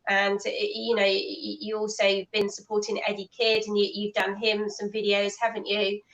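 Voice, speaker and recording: A woman's voice: mid-range voice, completely flat delivery, normal speed, fairly bright tone, rough recording. A woman hosting an online talk show, chatting enthusiastically and ending many remarks with tag questions. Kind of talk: casual interview chat.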